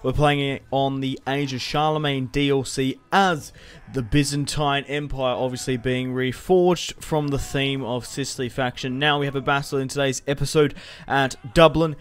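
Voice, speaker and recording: Young guy rambling thru a strategy game, casual, cusses a bit, avg pitch voice. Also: level tone, normal speed, few pauses, smooth. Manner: rambling, swears freely, restarts sentences. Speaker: gaming video host. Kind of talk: casual gameplay commentary.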